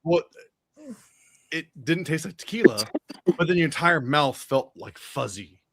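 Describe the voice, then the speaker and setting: A man's voice: fairly high pitch, lively intonation, measured pace, a bit bright, no room sound, studio quality. A man co-hosting a podcast, laid-back and blunt with casual swearing. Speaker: podcast co-host. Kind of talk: casual chat.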